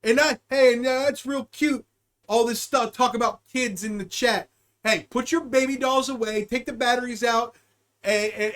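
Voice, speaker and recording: A young man with a strikingly high-pitched voice, hosting a live stream and talking straight to his chat. He rambles and jokes, swears freely and hops from one word association to the next. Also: steady tone, moderate pace, fairly bright tone. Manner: rambling, joking, profane, riffing on word associations. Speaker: podcast host and streamer.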